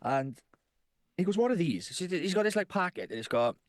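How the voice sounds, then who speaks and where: A man's voice: high-pitched, big pitch swings, moderate pace, no room sound, clean studio sound. A man in his thirties, a podcast co-host telling rambling stories in casual chat and swearing constantly.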